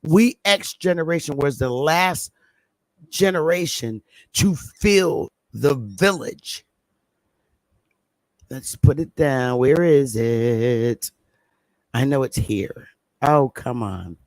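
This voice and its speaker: A woman's voice: a bass voice, lively intonation, takes it slowly, long pauses. A middle-aged woman talks straight to her livestream viewers. She is emphatic and drives home her points by repeating them. The sound is close and dry, with no room echo. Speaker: livestream host.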